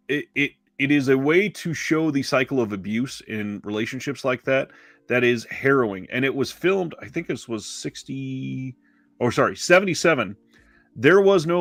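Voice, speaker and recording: A man's voice: mid-range voice, a bit bright, no room sound. A man co-hosting a casual movie podcast, rambling and correcting himself with lots of fillers. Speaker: podcast co-host. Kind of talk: casual movie-review chat.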